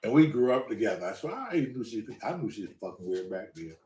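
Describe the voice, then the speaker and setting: A man's voice: fairly low pitch, fast, distant mic. A man hosting his own show, telling a long story in a casual monologue and swearing constantly as he rants. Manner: profane, ranting, animated storyteller. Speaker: show host. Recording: roomy, away from the mic.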